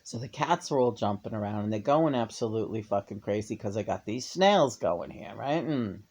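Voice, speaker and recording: A woman talking in a loose, casual vlogger monologue. She gets excitable fast, peppering her talk with swearing and bursts of laughter. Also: rumbling low.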